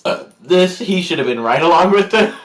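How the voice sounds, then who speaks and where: A man's voice: a little high, normal speed. A man telling a story in a casual vlog, rambling with many fillers and acting out the people he quotes. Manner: animated, acts out quotes in put-on voices. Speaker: YouTuber.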